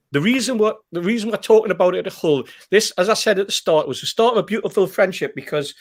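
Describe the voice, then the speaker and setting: A man, telling a rambling, anecdotal story in casual chat as a podcast host. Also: a little high. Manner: rambling, anecdotal, with fillers and repeats.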